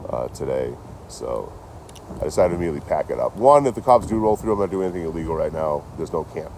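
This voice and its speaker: A man's voice: low voice, quick pace, a little hiss or hum. A man casually recounting a run-in with police in a profane, rambling vlog, quoting the people he met. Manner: rambling, profane, animated retelling with quoted dialogue. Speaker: vlogger. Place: outdoors near trees and a road. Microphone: handheld phone.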